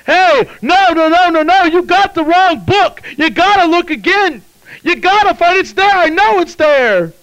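A man preacher voicing the devil, a frantic, angry male spirit, shouting high and insistent. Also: lively intonation, unhurried, exaggerated voice, rough recording.

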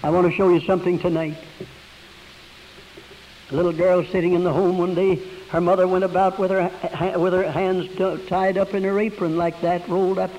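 A man preaching a sermon, telling emotional stories that slow down and then rise to fervent peaks. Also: high voice, flat delivery, a little mellow, muffled recording, a little hiss or hum. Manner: emotional storytelling, slowing and rising to fervent peaks.

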